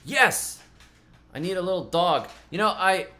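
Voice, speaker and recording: This is a man putting on the voice of a wildly overexcited gardening video host. The voice leaps up, gushing and high-energy. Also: expressive, measured pace, bright, forceful tone, a little hiss or hum, heavily acted.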